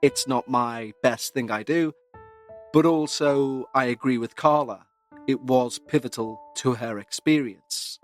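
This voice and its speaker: A man hosting a paranormal podcast, speaking in an earnest, measured way. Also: medium pitch, soft background music. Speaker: podcast host. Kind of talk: scripted paranormal podcast narration.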